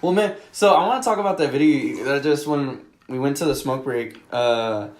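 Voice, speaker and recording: A man co-hosting a podcast in casual banter, laughing often and acting out quotes in a high voice. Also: normal speed. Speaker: podcast co-host. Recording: echoey room.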